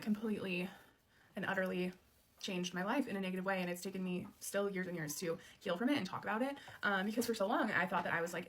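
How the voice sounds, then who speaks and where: A woman's voice: mid-range voice, slight background noise. A woman in her late twenties telling a personal story in a candid, casual way, full of "um" and "like". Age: late 20s. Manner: candid, conversational, many "um" and "like" fillers. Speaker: storyteller sharing her childhood.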